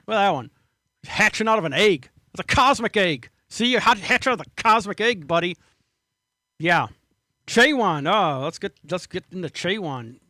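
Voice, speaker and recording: A man hosting his own podcast, talking alone in a rambling, profane and excitable way as he shows screenshots. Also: sits high, no echo, clean studio sound. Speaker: podcast host. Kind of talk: rambling solo commentary.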